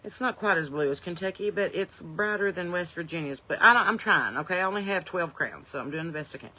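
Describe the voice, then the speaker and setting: Bright, chatty woman hosting a live stream. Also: lowish voice, lively intonation, fast talker, a little hiss or hum. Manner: folksy, upbeat, bursts of loud welcomes between rambling asides. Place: home porch in the evening.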